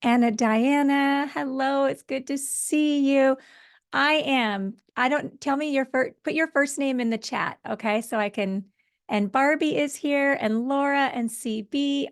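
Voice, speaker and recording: A woman's voice: high voice, unhurried. A woman hosting an online healing circle over a video call, talking in a casual, effusive way and slipping in chanted spiritual phrases. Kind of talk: casual welcoming talk.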